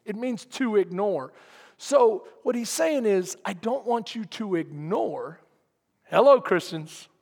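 A man's voice: sits high, lively intonation, slow, creaky, darkish tone, husky, long reverb tail. A man preaching a sermon as pastor, emphatic and quizzing his congregation. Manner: emphatic, asks the congregation questions.

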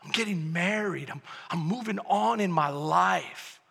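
A pastor reading aloud as a needy boy in a storybook who grows old and tired, in a plaintive, lower voice. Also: a little slow, gravelly, fairly bright tone, husky, long reverb tail, exaggerated voice. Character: needy, never-satisfied boy growing old.

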